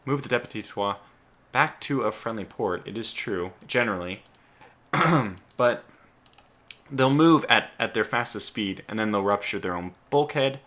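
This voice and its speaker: Low-leaning yet bright and forceful, a man's voice carries his let's play commentary. He thinks out loud, stumbling and restarting and breaking into sudden exclamations, as keys click behind him.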